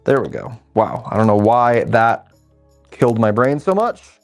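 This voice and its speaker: A man's voice: mid-range voice, lively intonation, unhurried, faint music behind. A chatty young man hosting a building livestream. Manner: chatty, thinks aloud while building and reads viewer messages aloud. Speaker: livestream host building a LEGO set. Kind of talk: casual livestream chat.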